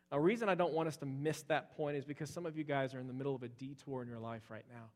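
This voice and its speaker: A man's voice: fairly high pitch, fairly quick. A man preaching a sermon in a conversational way, explaining scripture with frequent fillers like "uh" and "okay". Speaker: pastor.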